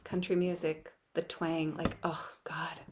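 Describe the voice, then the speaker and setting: A woman leading an online spiritual practice, speaking softly and often dropping to a whisper, with playful asides. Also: low-pitched, level tone, a little slow, noisy background. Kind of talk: gentle spiritual teaching.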